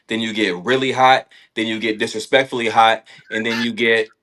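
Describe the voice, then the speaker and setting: A man's voice: mid-range voice, flat delivery, moderate pace, bright, forceful tone, a little hiss or hum. A man from California, a dancer and choreographer, talking as a podcast guest in a laid-back way with dry humor. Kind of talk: casual chat.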